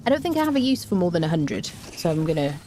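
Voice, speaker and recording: A woman's voice: on the low side, sing-song, fast, mellow, a little hiss or hum. A woman streaming a game, giving chatty live commentary, talking to her chat and humming to herself as she plays.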